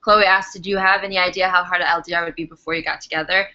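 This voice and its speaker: A woman's voice: on the low side, steady tone, racing, sharp tone. A young woman co-hosting a casual live chat, bubbly and giggly as she reads out viewer questions. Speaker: co-host. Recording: dull lo-fi webcam audio.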